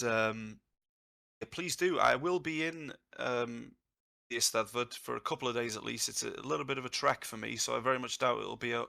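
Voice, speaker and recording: A man whose first language is English, chatting casually and telling jokey, animated stories as a guest teacher. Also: medium pitch, creaky. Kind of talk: casual live chat. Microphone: online call audio.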